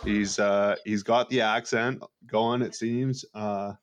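A man co-hosting a podcast, talking in a measured way with hesitant pauses during casual banter. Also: fairly low pitch, steady tone, no echo. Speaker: podcast co-host.

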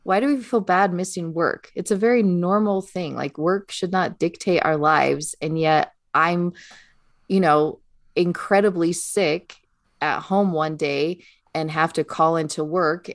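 A middle-aged American woman chatting casually, thinking out loud. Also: on the low side, measured pace, no room sound, clean studio sound. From United States. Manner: reflective, talks through her thoughts. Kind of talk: casual chat.

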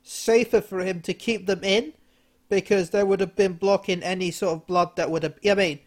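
A man in casual chat who chips in quick, frank remarks. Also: high voice, steady tone, a little mellow.

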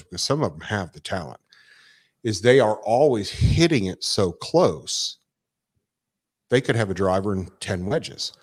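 A man telling a story in casual chat, animated, swearing and acting out quotes. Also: on the low side, breathy edge. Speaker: guest storyteller.

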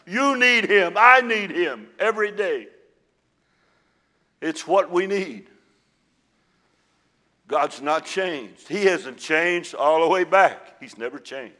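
A man preaching a sermon as pastor, dropping to a hush and then rising to loud, fervent peaks. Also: high voice, expressive, takes it slowly, long pauses. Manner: swings from hushed to loud and fervent.

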